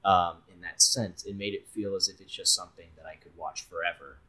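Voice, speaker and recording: Reviewing a movie on a podcast he co-hosts, a young man chats in a relaxed manner, rambling a little with plenty of fillers. He has a deep voice and speaks fairly quickly over poor audio.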